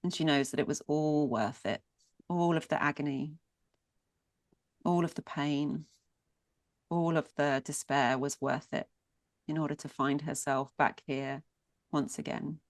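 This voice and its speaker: A woman's voice: deep voice, fairly even intonation, unhurried, long pauses, no room sound. A woman telling a myth as a storyteller, lingering and repeating words for emphasis. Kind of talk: mythic storytelling.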